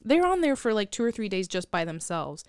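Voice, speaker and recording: A woman's voice: mid-range voice, big pitch swings, a little fast, clean tone, no room sound, studio quality. A woman co-hosting a podcast, rambling through a film's plot in casual chat. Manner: rambling, chatty plot recap with frequent laughs. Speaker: podcast co-host.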